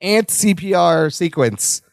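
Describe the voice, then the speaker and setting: A man's voice: high-pitched, animated, takes it slowly, vocal fry, no echo. A man co-hosting a podcast, casually recapping a sitcom episode with joking asides. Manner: joking asides, laughs between lines. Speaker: podcast co-host.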